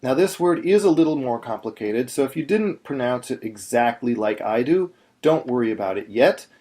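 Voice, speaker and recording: A man teaching Torah chanting in a video lesson, explaining step by step and chanting slow demonstrations. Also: medium pitch, lively intonation, mellow.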